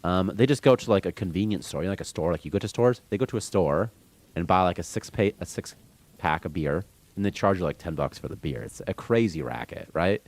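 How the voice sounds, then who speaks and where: A man's voice: deep voice, expressive, fairly quick, a little mellow. A man streaming game development, rambling casually with strong opinions and reading chat comments aloud. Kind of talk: casual rant on a live stream.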